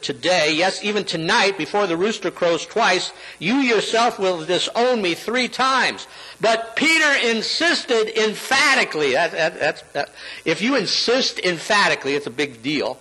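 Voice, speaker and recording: A man preaching a sermon, quoting scripture dramatically and leaping up in pitch when he quotes. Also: expressive, moderate pace, pushed and bright, low-quality recording. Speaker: pastor.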